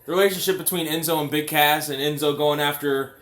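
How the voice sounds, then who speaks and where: A man giving casual live-stream commentary, excitable and profane, chatting to his viewers. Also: on the high side, a little fast. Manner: excitable, profane, talks to chat. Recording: roomy echo.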